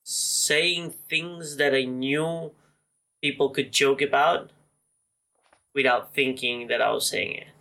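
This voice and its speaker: A man's voice: slow pace, creaky, rough recording. A man co-hosting a podcast in casual chat, rambling and leaning on "like" a lot. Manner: animated, jumps into higher voices for quotes. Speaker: podcast co-host.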